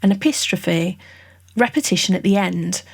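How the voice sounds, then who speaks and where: A woman reads a scripted lesson in a mid-range voice, neither high nor low. She steps through each term in a clear, measured way, as if working down a list. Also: no echo, studio quality. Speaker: songwriting tutorial narrator. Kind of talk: scripted educational narration.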